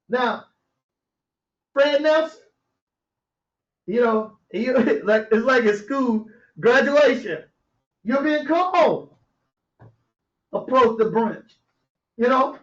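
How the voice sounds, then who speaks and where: A man teaching scripture like a preacher. He reads verses slowly and then explains them in a casual, conversational way, often chuckling to himself. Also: extremely high pitch, lively intonation. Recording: roomy, dull lo-fi audio.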